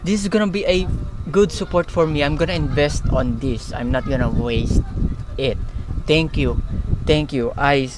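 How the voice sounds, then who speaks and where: A man's voice: a little high, normal speed, few pauses, low-quality recording. A young man streaming live, stunned and overjoyed, stammering out his thanks. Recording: steady background noise.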